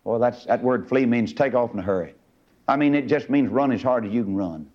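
Fiery preacher man, wildly swinging pitch. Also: sing-song, a little fast. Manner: swings from low murmurs to high shouting bursts. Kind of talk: fiery old-time sermon. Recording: lo-fi old sermon recording.

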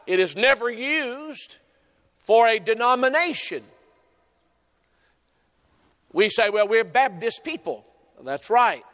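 Male pastor, higher voice, measured sermon delivery, church hall reverb. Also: fairly bright tone. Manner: deliberate preaching cadence, quotes scripture.

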